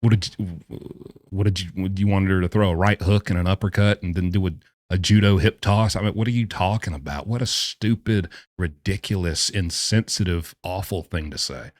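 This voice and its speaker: Deep-voiced sarcastic male commentator. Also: moderate pace, dry recording, studio quality. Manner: sarcastic, exasperated, scoffing laughs. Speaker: true-crime commentary host. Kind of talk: casual commentary.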